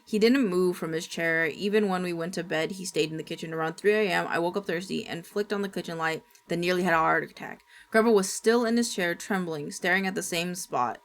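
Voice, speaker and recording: A woman streamer reading a horror story aloud in steady, dramatic narration. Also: lowish voice, a little fast, hardly any pauses.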